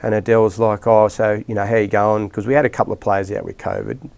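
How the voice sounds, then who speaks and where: Speaking fast in a creaky, darkish voice of fairly low pitch, this middle-aged Australian man keeps a level tone. He's a rugby league coach rambling through stories in a relaxed interview, restarting often and leaning on fillers.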